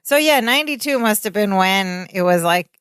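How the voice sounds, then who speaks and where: A woman's voice: mid-range voice, animated, fairly bright tone, clean tone, dry recording, studio quality. A woman in her forties co-hosting a podcast, chatting casually as she recaps a sitcom episode. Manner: chatty, retells scenes with quick voices. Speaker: podcast co-host.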